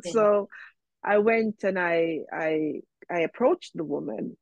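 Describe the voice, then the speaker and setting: A woman's voice: lowish voice, slow, gravelly, no room sound, highs cut off. A woman guest in an interview, telling a personal story in a reflective way, with many fillers, and quoting herself and others.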